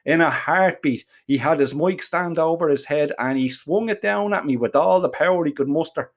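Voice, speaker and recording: An Irish man spins a comic first-person yarn, cursing freely and piling on slang. His voice sits a little high for a man. He rambles along like a storyteller at a bar. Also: normal speed. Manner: foul-mouthed, rambling, colourful slang.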